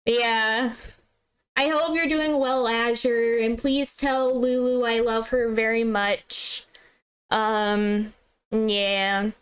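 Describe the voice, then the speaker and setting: A young woman chatting casually over a game, giggly and playfully dramatic. Her voice is smooth and a little high, and she talks at an unhurried pace. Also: fairly even intonation. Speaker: game streamer. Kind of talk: casual let's-play commentary.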